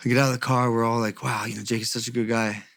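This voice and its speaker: A young man talks in casual chat at a middle pitch that sounds neither high nor low. He tells an animated story and swears freely along the way. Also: racing, vocal fry. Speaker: storyteller guest.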